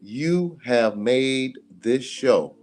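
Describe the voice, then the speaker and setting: Animated male talk radio host. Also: medium pitch, drawn-out words, soft background music. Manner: animated, laughs often, emphatic. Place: radio studio.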